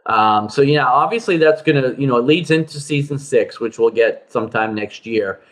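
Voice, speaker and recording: A man's voice: medium pitch, normal speed, fairly bright tone. A man co-hosting a casual podcast chat about TV shows, rambling with lots of fillers and restarts. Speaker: podcast co-host.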